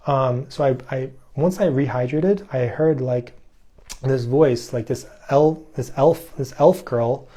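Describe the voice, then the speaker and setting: Man for a rambling vlog story: mellow tone, lots of filler and restarts. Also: mid-range voice, takes it slowly. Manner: rambling, filler-heavy, excitable. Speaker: fasting vlogger. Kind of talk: casual storytelling.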